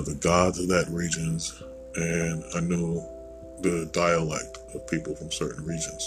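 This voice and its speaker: A man's voice: low-pitched, poor audio. An American man hosting a podcast, rambling through a blunt, digressive opinion monologue with casual swearing. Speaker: podcast host.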